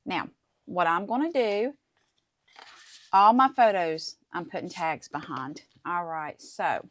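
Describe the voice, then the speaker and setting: A woman's voice: fairly low pitch, dry recording. A middle-aged woman hosting a casual craft tutorial, chatting to viewers as she works through each step. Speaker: crafting channel host.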